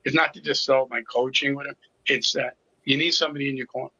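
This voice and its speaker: A man's voice: mid-range voice, fairly even intonation, quick pace, bright, forceful tone, husky, no room sound, highs cut off. A middle-aged man telling his personal story as an interview guest, candid and with a sarcastic sense of humor. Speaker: interview guest, recovery coach.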